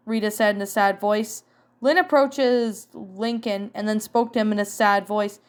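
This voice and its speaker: A woman reading a fan story aloud, plain and even with small slips. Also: mid-range voice, unhurried. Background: faint music.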